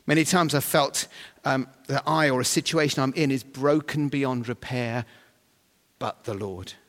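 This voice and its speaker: A man preaching a sermon, humorous and animated, with sudden loud bursts of emphasis. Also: mid-range voice, unhurried. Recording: long hall reverb.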